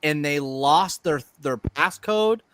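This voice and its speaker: Bright, fairly high man explaining at length. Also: expressive, slow. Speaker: podcast co-host. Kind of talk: casual podcast chat.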